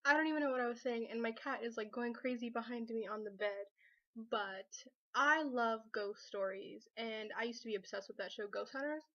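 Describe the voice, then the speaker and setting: A chatty young woman rambles to her camera at home, voice sitting a little high. The sound is slightly dull and lo-fi, like a built-in camera mic in a bedroom. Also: normal speed, sharp tone. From Southern California. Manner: rambling and chatty, many fillers. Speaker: vlogger. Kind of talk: casual chat to camera.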